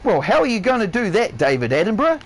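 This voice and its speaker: Fast and sing-song, with a voice that sits high, a New Zealand man delivers a heated live-stream rant about a game. He swears heavily, shifts between shouting and low tones, and circles back to the same points. The recording is rough.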